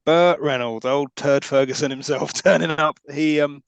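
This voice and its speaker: A man co-hosting a podcast, tossing in quick, wry asides while discussing a film. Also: a little high, steady tone, creaky, smooth, no room sound, lo-fi sound. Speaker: podcast co-host.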